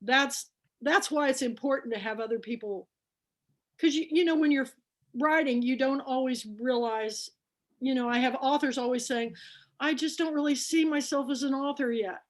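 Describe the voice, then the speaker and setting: A woman's voice: high voice, moderate pace. A woman from Kansas hosting a book club on a video call, chatty and emotional, retelling conversations. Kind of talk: casual chat on video call.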